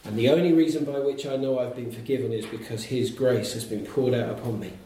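A man's voice: mid-range voice, steady tone, a little fast, recorded from a distance, background noise. A man preaching a sermon to a congregation in a church hall, making emphatic numbered points and asking rhetorical questions. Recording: very echoey hall, picked up from afar.

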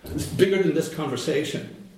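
A man preaching a sermon, slow and emphatic, repeating phrases for weight. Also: fairly high pitch, a little mellow. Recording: very echoey room.

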